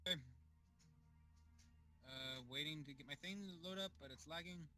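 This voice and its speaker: A man's voice: fairly high pitch, normal speed, sharp tone. A man talking as a player in a tabletop game, joking and asking questions. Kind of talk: casual tabletop play.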